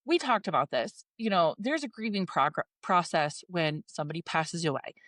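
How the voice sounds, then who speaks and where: A woman's voice: lowish voice, big pitch swings, normal speed, a bit bright, no echo, studio quality. A woman in her forties talking candidly and emotionally, swearing and acting out her own inner thoughts in a podcast chat. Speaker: podcast co-host.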